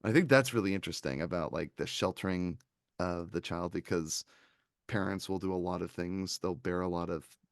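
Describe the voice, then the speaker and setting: Gravelly-voiced man, animated film chat. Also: deep voice, moderate pace, no echo, clean studio sound. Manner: animated, quoting scenes in little put-on voices. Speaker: podcast co-host reviewing films. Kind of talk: casual chat.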